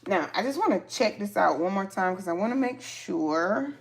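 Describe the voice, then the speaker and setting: A woman hosting a casual live sewing tutorial, chatting to her viewers as she cuts vinyl pieces, with features and frequent excited exclamations. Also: mid-range voice, moderate pace, vocal fry, a little hiss or hum.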